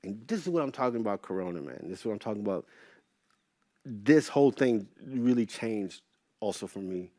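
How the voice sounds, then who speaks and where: A middle-aged man as an interview guest, telling casual stories in an animated way, swearing freely and acting out what others said. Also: on the low side, brisk, no room sound, clean studio sound. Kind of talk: casual storytelling.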